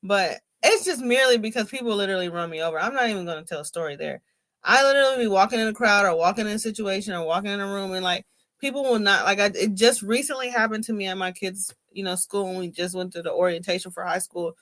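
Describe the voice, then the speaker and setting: A woman's voice: mid-range voice, quick pace, fairly bright tone. Middle-aged woman, mid-range voice, casual podcast chat, reflective, advice-giving, rambling with fillers. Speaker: podcast co-host.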